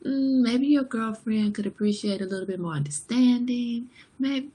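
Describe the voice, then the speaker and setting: A woman in her forties hosts a livestream, chatting with viewers frankly and playfully and reading out their comments. Her voice sits on the high side, warm and slightly rough, at a normal pace.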